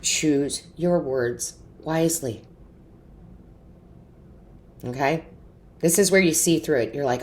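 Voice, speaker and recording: A woman's voice: deep voice, lively intonation, takes it slowly, long pauses, a little mellow. A woman giving an intuitive tarot reading straight to camera, earnest and emotional, often checking in with "right?" and "okay?". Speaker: tarot reader and medium.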